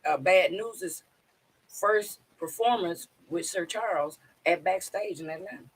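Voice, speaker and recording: A woman's voice: on the low side, unhurried, husky, low-quality recording. A woman from Alabama, a show promoter, chatting with enthusiasm in a casual interview. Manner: chatty, enthusiastic, gives shout-outs.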